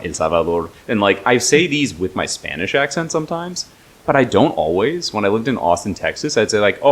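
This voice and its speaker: Young male host, low voice, chatty storyteller. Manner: chatty, storytelling, laughs often. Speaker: podcast host. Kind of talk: casual chat.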